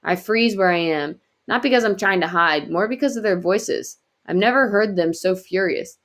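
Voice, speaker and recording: A woman reading a novel aloud in quiet, earnest first-person narration. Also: mid-range voice, moderate pace. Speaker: audiobook reader.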